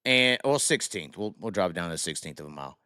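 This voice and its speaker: A man's voice: deep voice, fast, dry recording, studio quality. A man hosting a casual live stream, telling a rowdy story with lots of cursing and acted-out voices. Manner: animated, profane, acts out the people in his story. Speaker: podcast host.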